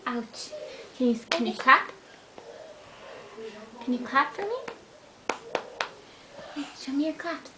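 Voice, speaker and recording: Woman, young, baby talk, very high lilting voice, slow drawn-out words, noisy camcorder audio. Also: lively intonation. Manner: playful sing-song coaxing of a baby. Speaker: parent filming her baby. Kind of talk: home video baby talk.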